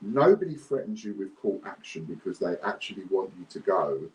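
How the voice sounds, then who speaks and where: A man's voice: deep voice, very animated, a little fast, a little mellow, reverberant, rough recording. A man ranting to camera, blunt, indignant and repetitive. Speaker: business owner vlogger.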